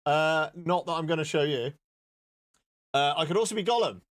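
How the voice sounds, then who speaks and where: A man hosts his own live stream, rambling cheerfully from one filter to the next. He cracks jokes and swears in a loose, offhand way. His voice sits a little on the high side for a man. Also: animated, normal speed, fairly bright tone. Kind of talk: casual live-stream chat.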